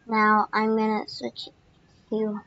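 A young woman casually narrating her game play, excitable and full of fillers, squealing now and then. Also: medium pitch, slow pace. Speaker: gaming channel host. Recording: dull lo-fi recording.

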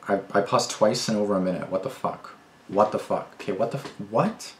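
A man's voice: on the low side, a little fast, echoey room, a little hiss or hum. A young man reacting to a video, rambling and repeating himself, swearing heavily and getting indignant. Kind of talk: casual reaction commentary.

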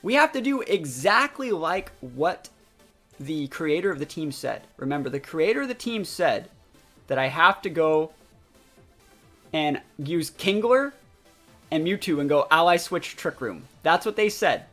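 A young man commentating his own gameplay live, talking to his chat with sudden loud outbursts. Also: fairly high pitch, animated, unhurried. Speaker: gaming streamer. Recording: faint music behind voice.

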